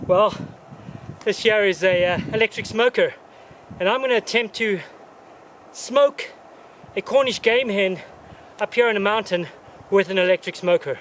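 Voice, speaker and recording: A man's voice: high voice, expressive, a little slow, long pauses, fairly bright tone, a little hiss or hum. A man vlogging outdoors on a mountainside, casually reviewing gear in a folksy, joking, chatty way.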